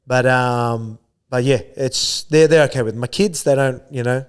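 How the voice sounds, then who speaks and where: A man's voice: medium pitch, moderate pace, clean tone. An Australian man talking as an interview guest in a casual, rambling way, filling gaps with "you know what I mean". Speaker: guest athlete.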